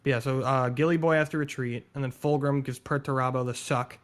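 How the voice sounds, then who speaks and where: A man in casual chat, excitedly explaining game lore, swearing and going on tangents. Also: medium pitch, brisk.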